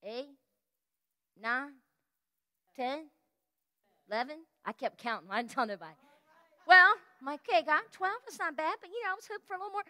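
Female pastor, very high bright voice, lively storytelling sermon with shouts and sung lines. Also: moderate pace, long pauses. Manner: animated storytelling sermon, exclamations, sings snippets. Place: church sanctuary.

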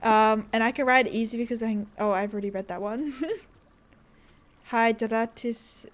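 A woman's voice: on the high side, steady tone, fairly quick. A woman streaming a game live, chatting casually with her chat and giggling often as she plays. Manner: giggly, chatty, talks to chat while playing. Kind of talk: casual gaming livestream chat.

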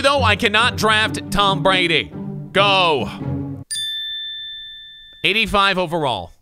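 Young man, high voice, video game commentary, sarcastic, loud, animated, music underneath. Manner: loud, animated and sarcastic, swinging between shouts and mutters. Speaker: gaming YouTuber.

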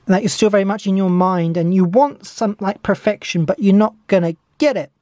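A woman's voice: medium pitch, brisk, warm tone, no echo, studio quality. A woman giving a tarot reading, talking eagerly and repeating her encouragements over and over. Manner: enthusiastic, repetitive encouragement. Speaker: tarot reader.

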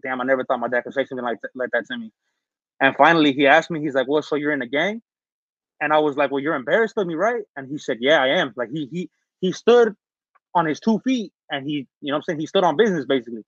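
A man from Northern California telling his story in a casual interview, rambling with fillers and restarts, recovering from being sick and clearing his throat. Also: fairly high pitch, no room sound. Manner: rambling, many fillers and restarts, street slang. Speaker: interview guest. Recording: dull, lo-fi dry recording.

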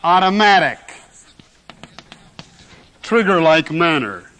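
Male lecturer, high-pitched, emphatic, repeats key terms, vintage 1970s lecture tape. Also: very animated, a bit bright, clean tone. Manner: emphatic, repeats key words, dramatic pauses. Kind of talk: lecture on general semantics.

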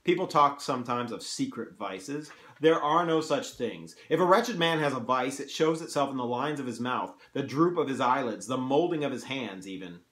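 A man's voice: medium pitch, animated, normal speed, hardly any pauses, fairly bright tone, natural voice. A man reading aloud, voicing a grave, serious male painter who pleads earnestly with his friend, in a room with some echo. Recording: roomy echo.

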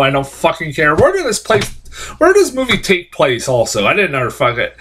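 A man's voice: a little high, a bit bright. A man giving a casual, profane, rambling film review, exasperated and full of fillers.

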